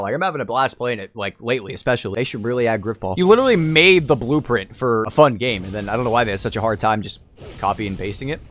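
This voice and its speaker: A young man giving casual, excitable commentary while playing a video game at home, often shouting at game moments. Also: medium pitch. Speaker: gaming video creator. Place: home room.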